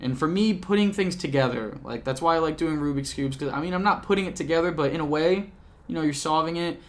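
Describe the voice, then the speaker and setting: A man's voice: fairly high pitch, fast. A young man chatting casually to a camcorder at home, rambling and joking, often cutting himself off mid-sentence. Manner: rambling, self-interrupting, jokey. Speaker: YouTuber. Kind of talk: casual vlog recap. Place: home apartment.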